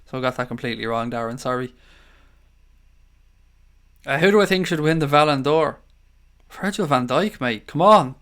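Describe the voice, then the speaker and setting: An Irish man hosting a late-night live stream, rambling easily through viewer comments. His voice is smooth and clear, pitched at an everyday middle, with a tired edge. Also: lively intonation, moderate pace, long pauses, a bit bright. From Ireland. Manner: chatty, rambling, calls viewers mate. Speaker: livestream host. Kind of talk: casual live stream chat reading comments.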